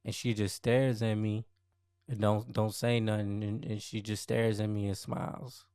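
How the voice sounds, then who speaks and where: A young podcast host tells a personal story in the first person, slangy and conversational, often repeating himself. His voice is fairly low, a little mellow and smooth, with little pitch movement and a normal speed. The studio sound is clean, with no echo.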